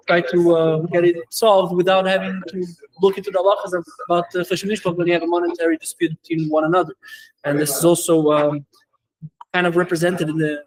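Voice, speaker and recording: A man teaching a Torah class as a rabbi, talking quickly with many fillers and restarts and mixing in Hebrew and Yiddish terms. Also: a little high, low-quality recording. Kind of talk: lecture.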